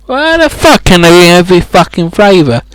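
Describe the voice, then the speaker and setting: A man's voice: high-pitched, big pitch swings, normal speed, background noise. A man reading a children's fantasy book aloud as a comedic audiobook, breaking off into rambling, sweary, mocking asides. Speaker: audiobook reader.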